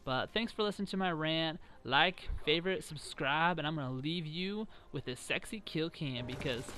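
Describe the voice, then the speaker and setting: A man's voice: fairly high pitch, expressive, moderate pace, sharp tone. A young man ranting casually while he plays a game, chatty and exasperated, trash-talking now and then. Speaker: gaming vlogger. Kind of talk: casual rant over gameplay.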